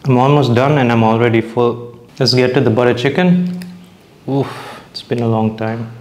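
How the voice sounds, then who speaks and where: A man's voice: medium pitch, normal speed, darkish tone. A young man casually reviewing dishes as he eats, chatty and hesitant, restarting his sentences and talking with his mouth full. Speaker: food vlogger.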